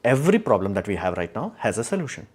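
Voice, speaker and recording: A man's voice: on the low side, sing-song, fast, darkish tone, slightly rough. Guy ranting on his livestream, blunt and opinionated, lots of uh and like. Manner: blunt, opinionated, rambling with many fillers. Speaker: livestream host answering chat. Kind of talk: casual livestream talk.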